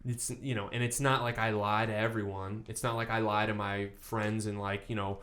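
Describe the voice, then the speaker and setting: A man's voice: fairly low pitch, flat delivery, moderate pace, fairly bright tone. A man as a podcast guest in casual chat, rambling with fillers, swearing and laughing.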